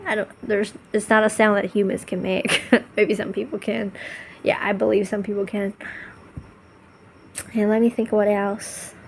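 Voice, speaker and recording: A woman's voice: mid-range voice, little pitch movement, normal speed, gravelly, pauses often, slight background noise. Gushing, rambling woman vlogger. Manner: gushing, enthusiastic, rambling with restarts. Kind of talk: casual monologue to camera.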